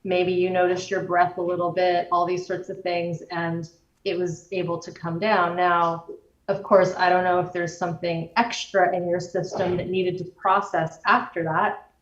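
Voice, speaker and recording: A woman guest explaining the nervous system in a measured way, using everyday examples. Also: lowish voice, little pitch movement. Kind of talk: explanatory conversation. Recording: roomy, distant, dull-sounding recording.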